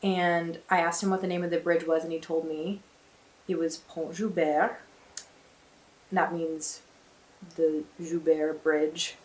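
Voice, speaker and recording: A young American exchange student vlogs casually and cheerfully to her camera, laughing quickly, from a small attic bedroom with a slanted ceiling and beams. Her voice is low, flat, and a little mellow, and the sound is roomy.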